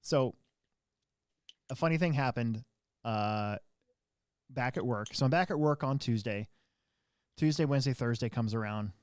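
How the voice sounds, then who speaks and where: A podcast host tells a story in casual conversation, animated and acting out quotes in a raised voice. He has a mid-range voice, captured in studio quality with no echo.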